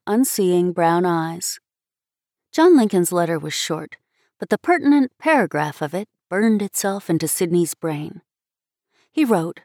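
Expressive woman reading a story. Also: lowish voice, dry recording, studio quality. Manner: expressive, measured. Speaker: story reader. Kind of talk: storybook narration.

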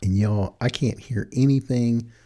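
An unhurried, mellow, mid-range voice belongs to a podcast host from Texas. Seated at a desk with a studio mic and headphones, he reflects casually and folksily, chuckling at his own observations.

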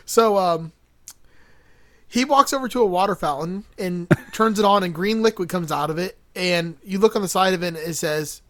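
A man's voice: high-pitched, normal speed, fairly bright tone, dry recording. A man co-hosting a podcast, casually recapping a movie with lots of fillers and laughter. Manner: rambling, laughs often, many fillers. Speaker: podcast co-host.

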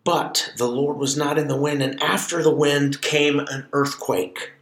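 A man co-hosting a ministry podcast, teaching from scripture in an animated way and dramatizing the verses with shifting voice. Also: a little high, measured pace, reverberant. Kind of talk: conversational Bible teaching.

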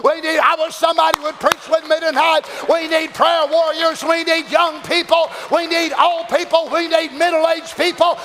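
A man preaching a fervent sermon, swinging between shouts and hushed asides, with long hall reverb. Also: very high-pitched, level tone, moderate pace, hardly any pauses, a little hiss or hum. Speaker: pastor. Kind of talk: Pentecostal sermon.

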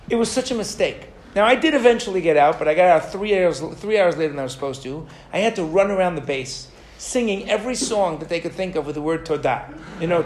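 Lively high-voiced male teacher, echoey room. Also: a little hiss or hum. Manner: lively, animated storyteller, asks the class questions. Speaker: Torah teacher. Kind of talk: storytelling lesson to a class. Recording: echoey room with faint ambience.

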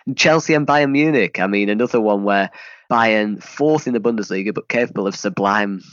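A man's voice: lowish voice, brisk, fairly bright tone, dry recording, lo-fi sound. A man hosting a podcast in casual chat, rambling with frequent restarts. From England. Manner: chatty, rambling with many restarts. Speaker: podcast host.

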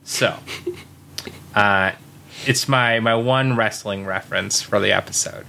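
A man co-hosting a podcast, chatting casually and telling rambling, animated stories. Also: fairly low pitch, takes it slowly, vocal fry, slight background noise. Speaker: podcast co-host. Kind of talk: casual chat.

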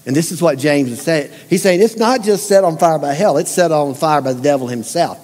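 A man preaches to his congregation in a folksy, emphatic way, often pausing to put questions straight to them. His voice sits fairly high for a man. A long reverb trails off each line, the way it does in a church sanctuary. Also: expressive. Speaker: pastor. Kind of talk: sermon.

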